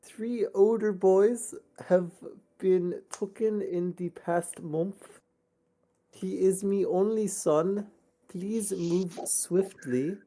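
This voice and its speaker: Lady doing a worried parent reading a clumsy letter out loud, slow and halting. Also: mid-range voice, voice pushed up. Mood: pleading. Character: worried parent writing a badly spelled letter.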